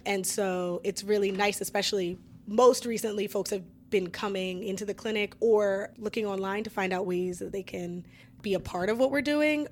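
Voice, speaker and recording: A woman guest in a casual interview, mid-pitched and informative. She explains her work in long, upbeat runs of speech. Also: slight background noise. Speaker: guest from independent abortion clinics. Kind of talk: conversational interview.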